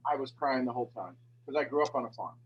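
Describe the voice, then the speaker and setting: A man's voice: mid-range voice, lively intonation, fast talker, husky. Guy hosting a morning call, affectionate and rambly, dull muffled call audio. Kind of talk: casual heartfelt chat.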